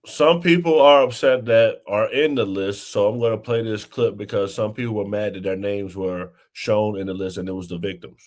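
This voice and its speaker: A man's voice: fairly low pitch, fairly even intonation, moderate pace, few pauses. A man hosting a casual political talk show, chatting loosely, introducing clips and asking his co-host questions. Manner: conversational, sets up clips and asks questions.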